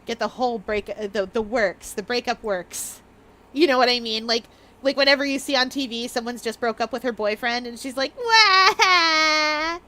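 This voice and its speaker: A woman's voice: a little high, steady tone, fairly quick, a bit bright. A woman streamer chatting casually with her viewers, bubbly and rambling, laughing often. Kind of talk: casual live-stream chat.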